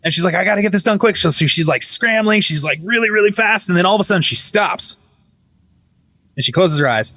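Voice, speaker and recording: A man's voice: high voice, fairly quick. Swearing man telling a spooky story. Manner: profane, animated retelling with voiced quotes. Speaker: podcast guest. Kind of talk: casual storytelling. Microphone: video call.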